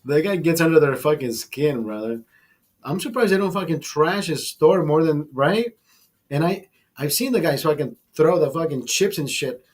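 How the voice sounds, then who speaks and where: A man talks in a loose, rambling way over a beer, dropping curses and calling his listener brother. His voice sits a bit high and has a husky, grainy edge. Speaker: livestream host. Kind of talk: casual chat over beers.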